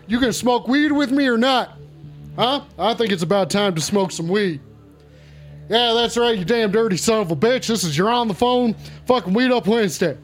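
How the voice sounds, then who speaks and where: Man putting on a boastful wrestler, very high pitch, gruff, shouty trash talk, faint music behind. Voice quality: gruff and shouty, heavy profanity. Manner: trash-talking, repeats insults and taunts. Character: brash foul-mouthed male wrestler, boastful and aggressive. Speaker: streamer. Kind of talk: livestream persona rant.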